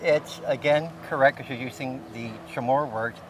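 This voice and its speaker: A man tutoring a colleague in pronunciation, speaking patiently and pausing often to search for the right words. He sits a little away from the microphone, so his voice sounds slightly distant over a faint hiss. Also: medium pitch. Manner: patient, explains slowly with many "uh" fillers. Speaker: Chamorro language instructor. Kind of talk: conversational language lesson.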